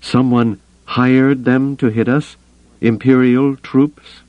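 A man's voice: on the low side, big pitch swings, measured pace, dry recording, pitched above the performer's own voice. A man voicing a suspicious, eager male smuggler captain who talks in a pushy, demanding, strained way, on a slightly muffled recording.

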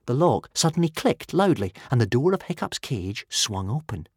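Male audiobook narrator, animated delivery, dry studio sound. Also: medium pitch, moderate pace, hardly any pauses, slightly rough, dry recording. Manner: lively storytelling, many character voices. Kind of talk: expressive scripted narration.

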